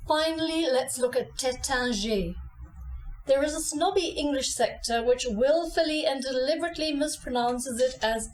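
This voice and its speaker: Slow, deliberate woman teaching pronunciation. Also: a little high, a little mellow, a little hiss or hum, poor audio. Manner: brisk and blunt about mispronunciations. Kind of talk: pronunciation lesson.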